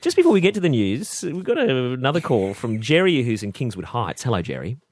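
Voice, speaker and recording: A man hosting a radio show, briskly interviewing a guest and introducing callers. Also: medium pitch, huge pitch swings, a little mellow, slight background noise. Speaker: radio host.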